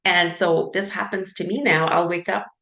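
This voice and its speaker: A woman with a low, gravelly voice coaches in a relaxed, chatty way and acts out anxious inner thoughts with plenty of "like" and "right?". She sounds like she is in a roomy space with an echo. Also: normal speed. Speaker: sleep coach. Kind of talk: casual teaching talk.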